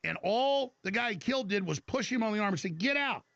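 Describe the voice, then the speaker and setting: A man's voice: high-pitched, animated, fast, creaky, a bit bright, no echo. A man hosting a talk show, ranting through a heated political monologue with stammering restarts. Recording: dull lo-fi broadcast audio.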